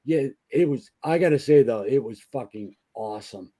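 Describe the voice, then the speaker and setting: A man with a mellow, relaxed tone tells long, rambling anecdotes. His talk is loose and profane, full of restarts and asides. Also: medium pitch, normal speed. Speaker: podcast guest, band member. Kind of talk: casual storytelling chat.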